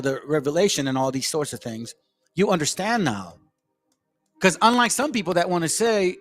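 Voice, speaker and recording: A man's voice: fairly high pitch, fairly bright tone. A man giving loose, rambling commentary as he reacts to clips he plays, with faint music under him. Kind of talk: casual commentary on played clips.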